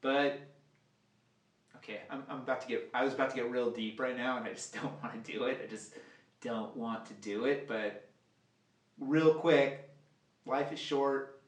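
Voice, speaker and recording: A man's voice: mid-range voice, moderate pace, long pauses. A man giving a casual, profane live fly-tying demo, rambling and joking as he works. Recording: roomy sound, mic at a distance.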